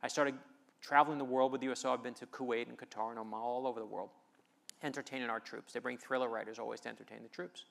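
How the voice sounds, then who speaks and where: A middle-aged man giving an inspirational storytelling speech at a festival, emphatic and animated as he acts out conversations. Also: medium pitch, fast, gravelly. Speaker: author giving a festival talk. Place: festival stage before an audience.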